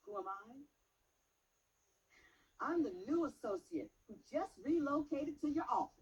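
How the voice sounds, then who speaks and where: A woman reciting a poem aloud at a public meeting, taking her time over each line. Her fairly high voice swings widely in pitch as she presses home each point. She pauses pointedly and builds emphasis as she goes. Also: expressive, darkish tone, dull audio. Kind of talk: dramatic poetry recitation.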